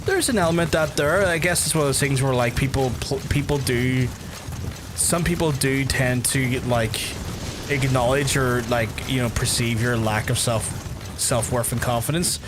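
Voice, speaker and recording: A man talks casually on a gaming livestream at an everyday pitch, rambling and peppering his chat with swearing as he replies to viewers. The stream audio is noisy, with game ambience running beneath him. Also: normal speed. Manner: rambling, profane, chatty, answers chat messages.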